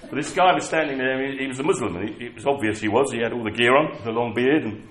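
A man's voice: medium pitch, quick pace, a bit bright. A man preaching a sermon, telling personal stories in a conversational, self-mocking way. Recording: echoey hall with faint ambience.

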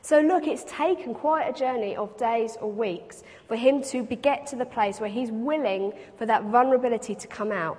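A woman's voice: fairly high pitch, normal speed, hardly any pauses, a little mellow. A woman preaching a reflective sermon, reading scripture aloud and explaining it to a congregation. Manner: reflective, reads scripture aloud then expounds. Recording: long hall reverb.

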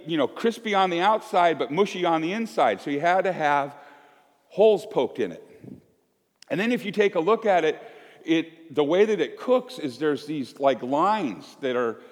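A male pastor preaching a sermon in a church, telling homely stories in a conversational, self-deprecating way with frequent restarts. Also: on the high side. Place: church sanctuary. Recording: long reverb of a church sanctuary.

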